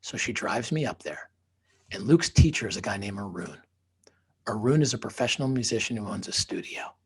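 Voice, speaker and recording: A man's voice: fairly low pitch, expressive, a little fast, creaky, husky. A man who is a podcast guest and author, telling a personal story emphatically, sometimes dropping into a whisper for effect.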